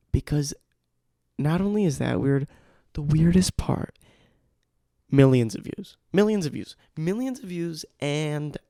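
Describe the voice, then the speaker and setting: A man's voice: mid-range voice, vocal fry, dark tone, no echo, clean studio sound. A young man hosting a casual solo podcast, rambling through tangents and poking fun at himself. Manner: rambling and self-mocking, with tangents. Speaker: podcast host. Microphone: studio microphone.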